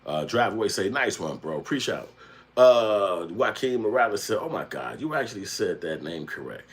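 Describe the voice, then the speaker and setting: Laughing husky-voiced man reading chat aloud. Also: on the low side, very animated, normal speed. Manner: loud laughing, reads comments aloud, slangy. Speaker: livestream host reading chat. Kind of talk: casual livestream chat.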